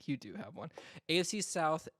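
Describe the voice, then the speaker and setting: A man's voice: a little high, animated, normal speed, a bit bright, no room sound, clean studio sound. Teasing man co-hosting a sports chat. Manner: teasing, joking, laughs easily. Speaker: podcast co-host.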